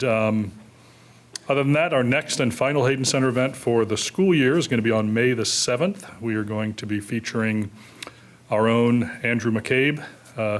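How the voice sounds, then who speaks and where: A man hosting an event in an auditorium, thanking the guests and announcing upcoming events with many pauses and fillers. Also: medium pitch. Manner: hesitant, many filler words. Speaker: event host. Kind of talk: closing announcements.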